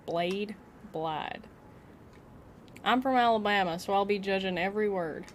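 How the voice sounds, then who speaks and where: A woman streamer chatting casually with her viewers while playing, excitable and giggly. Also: mid-range voice, quick pace, slight background noise. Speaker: game streamer. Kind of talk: casual live-stream chat.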